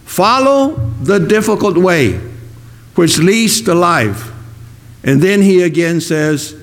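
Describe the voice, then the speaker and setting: A man preaching a sermon, slow and emphatic, repeating key words for weight. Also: high voice, lively intonation. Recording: long reverb of a hall.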